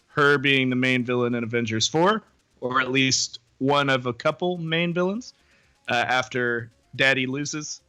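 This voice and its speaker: Bright rambling male podcast co-host. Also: medium pitch, clean tone. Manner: rambling, self-deprecating, laughs often. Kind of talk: casual chat.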